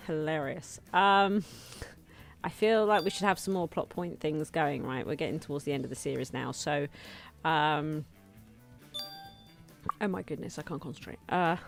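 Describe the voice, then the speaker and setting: A woman's voice: low voice, normal speed, creaky. A woman casually commenting while she plays a game, thinking aloud and laughing at herself. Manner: chatty, self-amused, thinks aloud, often laughs. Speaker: gaming video host. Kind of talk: casual let's-play commentary. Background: faint game music.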